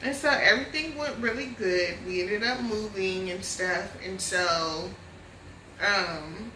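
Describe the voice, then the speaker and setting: A woman vlogger telling a personal story in a lively casual way, often calling her viewers y'all. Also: medium pitch, slow, reverberant, far from the mic, a little hiss or hum, low-quality recording. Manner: animated, addresses viewers as y'all.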